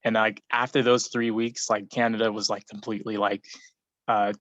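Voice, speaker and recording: A man's voice: on the low side, little pitch movement, normal speed, a bit bright, no echo. Young man rambling on a dull lo-fi mic. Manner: rambling, filler-heavy with many "like"s. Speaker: forum participant. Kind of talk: casual discussion contribution.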